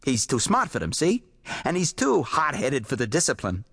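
A man voicing an excitable, boastful male pulp writer who rambles eagerly in folksy slang. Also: medium pitch, normal speed, creaky, breathy edge, no room sound, studio quality, heavily acted. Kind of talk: audiobook character voice.

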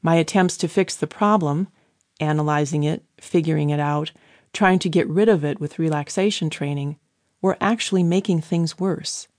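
A woman giving an earnest, measured first-person audiobook narration on a close studio microphone. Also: deep voice, a little mellow, dry recording.

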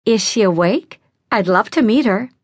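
A woman's voice: mid-range voice, animated, moderate pace, dry recording, pitched above the performer's own voice. A woman voicing a kind, fussy middle-aged neighbor who gushes with offers of help. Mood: gushing.

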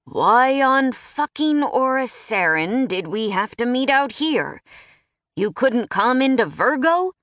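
Female narrator as a grumbling male wizard, irritable, slightly lowish timbre, close dry read. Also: expressive, a little slow, fairly bright tone, no room sound. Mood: indignant. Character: grumpy male wizard potion maker.

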